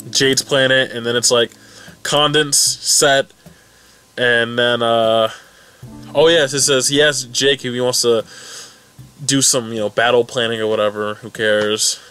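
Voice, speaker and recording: A young man casually recapping and reacting to a webcomic update, rambling and excitable with many restarts. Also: mid-range voice, unhurried, smooth, soft background music. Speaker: fan recap vlogger.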